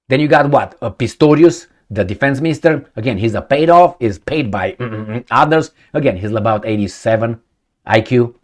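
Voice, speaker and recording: Blunt rambling man mocking politicians. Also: medium pitch. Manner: gropes for names, many fillers and restarts. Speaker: political commentator. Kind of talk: casual monologue.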